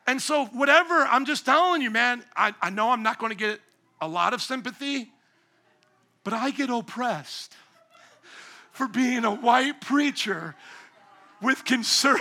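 A man in his forties preaching a sermon as pastor, animated and bursting into loud emphasis. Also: extremely high pitch, normal speed, vocal fry. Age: 40s.

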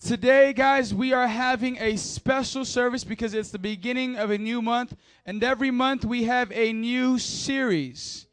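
A man's voice: very high voice, normal speed, hardly any pauses. A man leading a church service as pastor, joking and playful, firing up the crowd into a mic. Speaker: youth pastor. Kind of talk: energetic church service talk. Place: church hall.

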